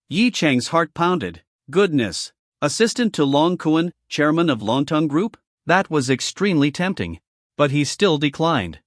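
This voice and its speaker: Male recap narrator with an animated, slightly high delivery. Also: a little slow, no echo, studio quality. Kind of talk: scripted story narration.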